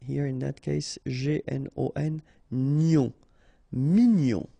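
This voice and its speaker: A native French-speaking man with a French accent, a teacher running a pronunciation drill who slowly and patiently repeats and spells out each word. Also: mid-range voice, fairly even intonation, gravelly, mellow, no echo, muffled recording. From France.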